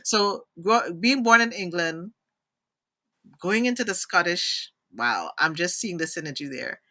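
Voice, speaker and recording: A woman from Trinidad hosting a live interview show on a video call, animated and expressive, drifting into tangents. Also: fairly low pitch, unhurried. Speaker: host.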